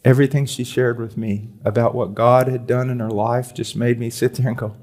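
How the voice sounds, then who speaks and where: A man preaching a sermon at a conference, reading aloud with emphasis, then dropping to quiet, confiding tones and repeating words to drive a point home. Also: medium pitch, lively intonation, normal speed, faint music behind. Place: church or conference hall.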